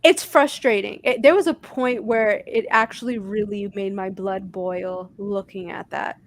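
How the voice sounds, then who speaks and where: A woman's voice: medium pitch, steady tone, a little slow, dry recording. A woman co-hosting a casual football podcast, speaking in a direct, frustrated way. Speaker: podcast co-host.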